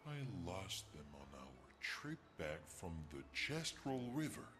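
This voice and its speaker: An actor voicing a huge, gentle, childlike creature in a video game, slow and fond, dropping French phrases, with game music behind. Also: male voice, sits low, very animated, a little hiss or hum, heavily acted.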